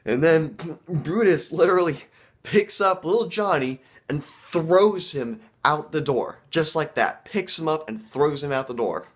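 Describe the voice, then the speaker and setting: A man vlogger telling a casual story to camera, halting and full of fillers. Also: on the high side, animated.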